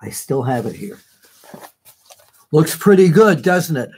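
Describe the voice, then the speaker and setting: A man's voice: on the high side, big pitch swings, unhurried, gravelly, darkish tone, breathy edge. A man hosting a live online show, chatting casually and reading out viewer comments in a rambling way, with many fillers and self-corrections.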